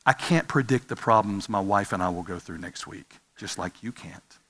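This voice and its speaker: Male preacher, 40s, chatty sermon style, bright edge, echo of a big hall. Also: fairly low pitch, moderate pace. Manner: conversational, asks the audience questions. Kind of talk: sermon with personal story. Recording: reverberant hall.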